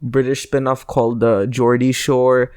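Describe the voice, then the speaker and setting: A man's voice: medium pitch, little pitch movement, measured pace, darkish tone, clean tone. A man co-hosting a podcast, chatting casually in a jokey, self-mocking way. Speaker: podcast co-host. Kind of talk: casual chat.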